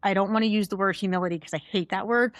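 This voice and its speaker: A young adult woman guest, a finance executive, chatting candidly in a studio interview, telling stories with lively asides. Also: medium pitch, very fast, no echo. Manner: candid, animated storyteller. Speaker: guest, chief financial officer. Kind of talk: casual interview chat.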